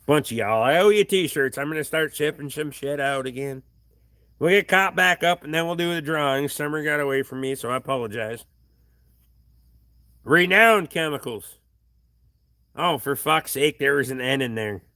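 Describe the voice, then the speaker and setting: On the high side and pushed and bright, this man's voice moves at normal speed as he hosts a profane, casual livestream from his home workshop, where a tripod camera records him. He reads chat aloud and curses bluntly and offhandedly, and the clean studio sound has no room sound.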